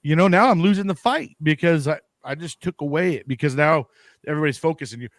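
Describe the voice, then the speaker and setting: A man's voice: a little high, quick pace, no room sound. A man hosting a casual podcast talk, rambling with many restarts, fillers and casual swearing. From United States. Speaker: podcast host. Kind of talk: casual conversation.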